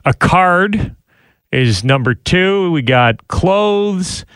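A man's voice: high voice, lively intonation, very slow, a bit bright, clear, resonant tone, no echo, studio quality. A man hosting a radio show, joking with his co-host and reading out a list. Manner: joking, teasing. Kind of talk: casual chat, reading segments.

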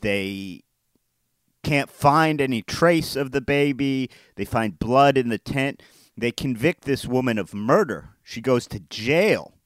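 A man co-hosting a podcast, chatting casually with dry, deadpan humor and telling a long story. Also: medium pitch, slow pace, no echo. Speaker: podcast co-host. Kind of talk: casual chat.

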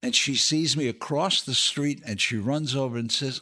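Speaking at a moderate pace with hardly any pauses, an older actor and comedian shares show-business anecdotes as a podcast guest, laughing through his punchlines. His medium-pitched voice is bright and forceful.

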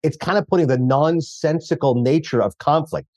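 A man talking films as a podcast guest in casual chat, animated and laughing through his sentences. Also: fairly high pitch, normal speed, no room sound. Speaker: podcast guest, film critic.

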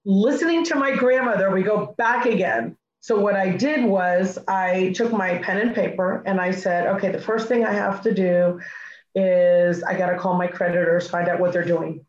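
A middle-aged woman recounting a story with energy, slipping into quoted dialogue as she goes. Her voice sits at an ordinary pitch and sounds a little dull, as if recorded with limited fidelity. The room around her adds a noticeable echo. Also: moderate pace. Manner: animated, acts out her own past dialogue. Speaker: guest speaker. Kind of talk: personal storytelling. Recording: echoey, slightly muffled recording.

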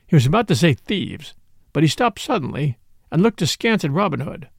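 Man reading an old adventure story, lively high voice w/ some gravel, dry sound. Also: brisk, no room sound. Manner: old-fashioned storytelling, expressive. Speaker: narrator. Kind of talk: storybook audiobook narration.

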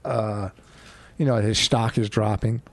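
A man's voice: fairly low pitch, steady tone, measured pace, no room sound. A middle-aged man co-hosting a podcast, needling his co-host in blunt, dry banter. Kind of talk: casual banter.

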